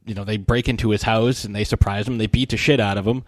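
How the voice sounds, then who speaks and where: A man's voice: lowish voice, steady tone, fast, dry recording. A man co-hosting a casual podcast, retelling a film plot in a rambling, profane way with many fillers and restarts. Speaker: podcast co-host.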